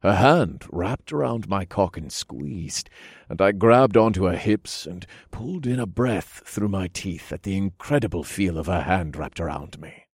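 A man narrating a first-person erotic story in a low, breathy, intimate way. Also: animated, unhurried, dry recording, studio quality.

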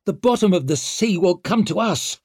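A man's voice: sits high, lively intonation, normal speed, a little mellow, breathy edge, no echo, pitched above the performer's own voice. A man voicing a pregnant young noblewoman who growls out dry, sardonic remarks. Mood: wry, tense.

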